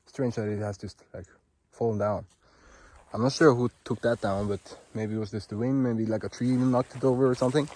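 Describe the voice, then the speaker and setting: A man's voice: on the low side, a little fast. Gushing Norwegian-accented man outdoors. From Norway. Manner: excitable, gushing, rambling with lots of fillers. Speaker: vlogger. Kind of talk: casual walking vlog. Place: outdoors in a forest on a hot day.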